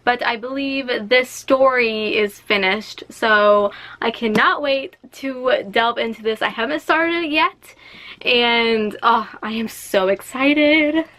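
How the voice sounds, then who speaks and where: A young woman book vlogger chatting excitedly at home and reading book synopses aloud. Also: a little high, takes it slowly, slight background noise. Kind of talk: casual vlog.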